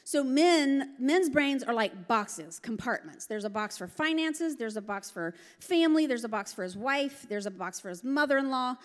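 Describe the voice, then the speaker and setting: A middle-aged woman preaching a lively, joking sermon. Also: high voice, moderate pace, few pauses. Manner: lively, joking, laughs often. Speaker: pastor. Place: large church hall. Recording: long hall reverb.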